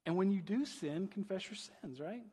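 Casting: male pastor, fairly high husky voice, casual chatty sermon, long reverb of a big hall. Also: lively intonation, moderate pace, dark tone. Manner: conversational preaching, asks rhetorical questions, frequent "right?".

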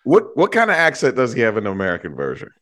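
A man talking casually and excitedly about a favorite movie on a podcast, with some swearing. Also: mid-range voice, quick pace. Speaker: podcast co-host. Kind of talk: casual film discussion.

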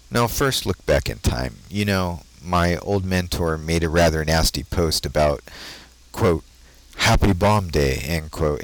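A man from the United States hosting an occult talk show, delivering a deliberate, preachy monologue full of rhetorical questions. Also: low-pitched, no echo, rough recording. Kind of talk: solo monologue commentary.

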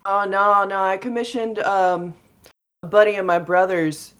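A woman's voice: mid-range voice, steady tone, a little slow, a bit bright. A young woman playing a tabletop game, talking casually with lots of fillers. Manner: rambling, lots of likes and ums. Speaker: player. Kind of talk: casual tabletop role-play.

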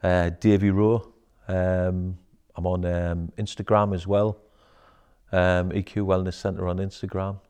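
A man talking as an interview guest in a wellness centre. He is animated and quick to swear, peppering his talk with "aye" and "mate.". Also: sits low, clear, resonant tone. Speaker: guest, emotional intelligence coach. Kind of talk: casual interview chat.

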